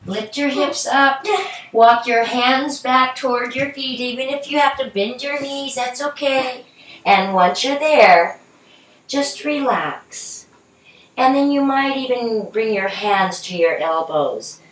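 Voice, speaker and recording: A middle-aged woman guiding a children's yoga class in a gentle, encouraging, playful way. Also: high voice, takes it slowly. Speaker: yoga instructor. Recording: echoey room, from a distance.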